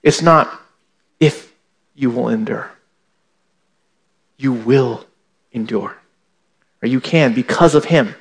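A man's voice: medium pitch, slow pace, pauses often. A male pastor preaching a sermon, asking "right?" again and again and repeating his key points for emphasis. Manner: acts out imagined indignant listeners with a raised voice.

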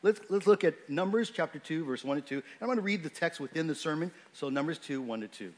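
A man's voice: a little high, expressive, fast. A man giving a sermon in a conversational, unscripted way, with frequent fillers and restarts as he explains a scripture passage. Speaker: pastor.

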